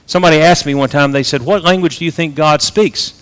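A man preaches a sermon in a fairly high voice. He swings between loud, emphatic peaks and quiet, low asides. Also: quick pace, hardly any pauses.

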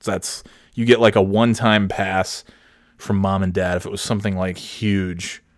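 A man's voice: sits low, normal speed. A man telling stories in a casual, profane rant about school and parenting. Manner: profane, animated storytelling. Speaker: podcast host, parent. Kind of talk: casual ranting monologue.

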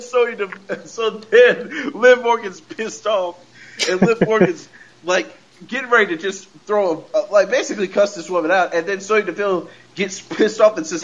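A man hosting a podcast, recapping a wrestling show in a casual, excitable way, laughing often and repeating himself. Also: sits high, normal speed, highs cut off. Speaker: podcast host.

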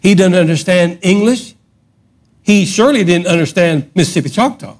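A middle-aged man preaching a sermon, swinging from loud emphatic outbursts to hushed lines. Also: high-pitched, animated, normal speed. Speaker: pastor.

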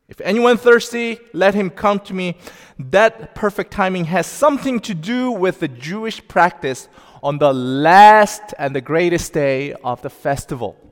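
A male pastor preaching a sermon, slow and deliberate, with emphatic rising outbursts. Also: high voice. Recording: long reverb of a large hall.

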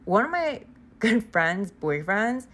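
Very animated yet slow, with a medium pitch and a fairly bright tone, a podcast host summarizes a book in a laid-back way. She rambles off on tangents constantly, filling her speech with "like" and easy swearing.

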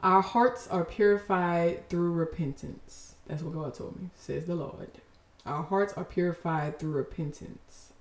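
A woman's voice: fairly low pitch, measured pace, reverberant. Emotional woman podcast host. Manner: emotional, expressive, teary laughter. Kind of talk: faith podcast talk.

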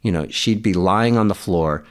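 A man talking in a relaxed, earnest way about parenting and mentoring, often quoting people. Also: sits low, moderate pace. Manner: earnest, reflective, quotes others in animated voices. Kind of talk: casual conversation.

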